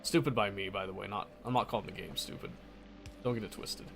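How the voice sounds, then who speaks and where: A man's voice: on the low side, steady tone, quick pace, gravelly, music in the background. A man casually commenting on his own gameplay, muttering to himself and correcting his mistakes as he goes. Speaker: gameplay streamer.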